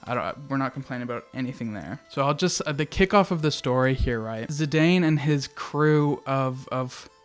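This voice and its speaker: A man hosting a casual game review video, excitable and chatty, swearing casually as he talks. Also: mid-range voice, moderate pace, hardly any pauses, clean tone. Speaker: video essay host.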